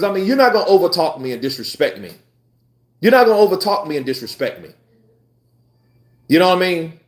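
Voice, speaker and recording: A man hosting a live boxing stream, chatting casually with his viewers in a blunt, profane, animated way. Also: high-pitched. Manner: animated, profane, talks back to chat. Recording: roomy echo.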